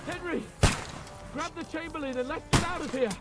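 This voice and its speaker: A cursing, frantic medieval lord. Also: male voice, very high-pitched, normal speed. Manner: shouting, cursing. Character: frantic medieval male lord in battle, crude. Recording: game audio over loud music.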